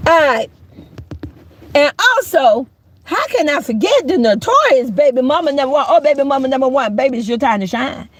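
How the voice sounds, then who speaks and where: Middle-aged woman, high lively voice, preachy call-out commentary with frequent shouting, dry close sound. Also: no room sound. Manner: emphatic, preachy, often shouting. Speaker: YouTube commentator.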